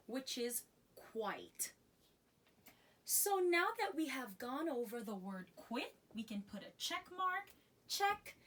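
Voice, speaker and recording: A young woman teaching English vocabulary, spelling words letter by letter, repeating them and checking in with the learner after each point. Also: sits high. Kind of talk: slow, deliberate English lesson.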